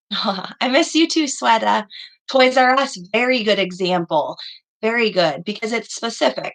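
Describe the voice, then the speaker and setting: A woman's voice: medium pitch, fairly bright tone, poor audio. A woman teaching young children in an online class over a video call, patient and encouraging, praising her students by name. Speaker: elementary school teacher.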